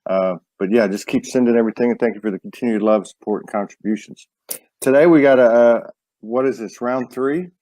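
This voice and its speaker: A man hosts a live online show in a loose, easygoing way. He teases his guest and often restarts his sentences, and he speaks at a middle pitch. The sound is close and dry. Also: brisk, dark tone, dry recording. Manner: easygoing, teasing, stumbles and restarts. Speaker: show host. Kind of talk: casual live-stream hosting.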